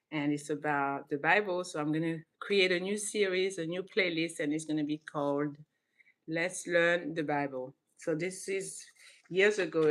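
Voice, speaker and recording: Animated woman host chatting casually. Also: deep voice. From Senegal, raised in southern France. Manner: animated, laughs often, restarts sentences. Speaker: channel host. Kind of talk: casual commentary to camera.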